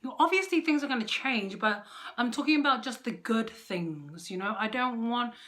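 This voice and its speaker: A woman's voice: fairly high pitch, lively intonation, moderate pace, fairly bright tone. A young woman chats to camera about her marriage in a loose, unscripted way. She is frank and playful, and often pokes fun at her own flaws. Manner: candid, playful and self-mocking. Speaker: vlogger. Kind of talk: casual advice chat to camera.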